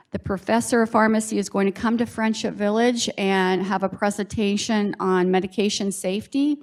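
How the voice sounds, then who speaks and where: A woman from a residents' health services team giving a friendly, reassuring update at a town hall. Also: medium pitch.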